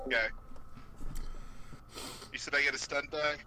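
Man, tabletop player, bright, animated, slightly high, faint noise. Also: unhurried, poor audio. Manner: casual, thinks aloud, fillers. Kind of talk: tabletop game play.

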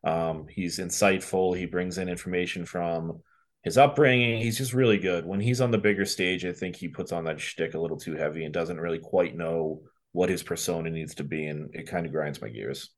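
A man's voice: low voice, fairly even intonation, moderate pace. A man with a Boston accent, a podcast guest giving candid, rambling answers in casual chat.

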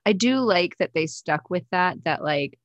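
A podcast co-host from Northern California chatting casually about a show. The talk is loose and conversational, with constant "like" and quick tangents. The sound is dry and close. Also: medium pitch, animated, fairly bright tone, no room sound. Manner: chatty, frequent "like", quick asides. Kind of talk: casual chat.

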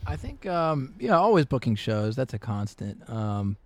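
A man chatting easily as a musician guest, telling stories with lots of fillers and quick laughs. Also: mid-range voice, very animated, darkish tone, no echo. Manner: easygoing, laughs often, many fillers and restarts. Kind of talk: casual interview chat.

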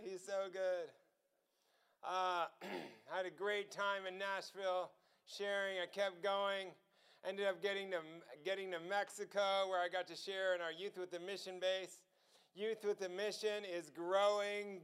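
A man preaching a testimony sermon, telling a story with frequent laughter and excitement. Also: sits high, a little slow, clean tone.

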